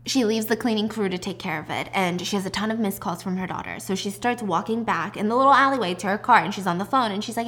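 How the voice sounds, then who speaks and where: A woman casually recapping a drama plot in a chatty, animated way with side remarks. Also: medium pitch, fast, hardly any pauses. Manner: chatty, animated retelling with asides.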